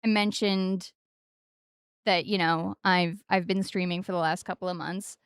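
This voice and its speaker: A woman's voice: steady tone, measured pace, smooth, no echo, clean studio sound. Playful streamer woman with sing-song stresses. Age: 40s. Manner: playful, jumps into high sing-song stresses on odd syllables. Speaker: game streamer. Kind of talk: casual game-stream chat.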